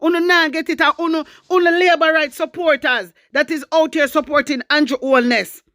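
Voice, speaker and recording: A woman's voice: high voice, steady tone, brisk, a bit bright, no room sound, studio quality. A woman with a Jamaican accent delivering an angry, preachy political rant, mixing Patois into her talk. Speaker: political commentator.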